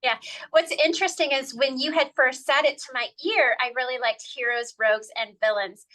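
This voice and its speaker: Bright-voiced bubbly woman host. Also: high voice, steady tone, normal speed. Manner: bubbly, chatty, laughs often. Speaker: podcast host. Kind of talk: casual interview.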